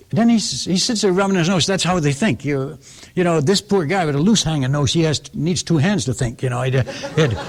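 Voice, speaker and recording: Missionary preacher guy spinning stories, voice sits a bit high, acts out the other folks and laughs along. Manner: animated storyteller, acts out quoted voices, chuckles at his own tales. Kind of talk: storytelling sermon.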